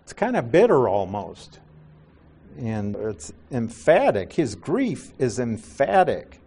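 Slow, animated male Bible teacher. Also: mid-range voice, husky. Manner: explanatory, asks the listeners questions.

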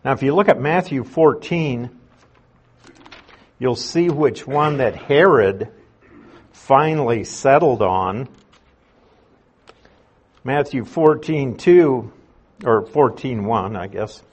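A man teaching a verse-by-verse Bible study in an unhurried, conversational way, explaining and restating his points. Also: medium pitch, breathy edge.

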